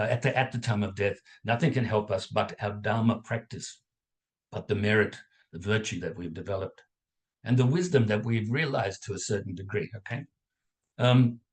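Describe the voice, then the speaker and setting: Using a video call mic at his home setup, a man with a lowish voice leads a guided contemplation session as a dharma teacher. He speaks calmly and measuredly, pausing between phrases and asking "okay?" to check in.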